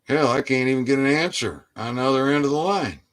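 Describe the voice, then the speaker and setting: A man delivering a preachy political rant, exhorting his listeners and often rising into loud, emphatic outbursts. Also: medium pitch, a little fast. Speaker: online commentator.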